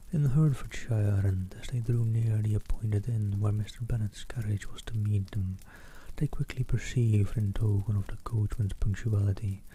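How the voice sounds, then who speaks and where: Low hushed male storyteller, soft whispers. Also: a little hiss or hum, rough recording. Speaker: narrator. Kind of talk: audiobook reading, partly whispered.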